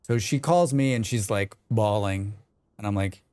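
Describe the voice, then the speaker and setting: A man chatting casually on a gaming livestream, excitable and swearing freely while he talks to his viewers. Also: medium pitch, normal speed, clean tone, no room sound.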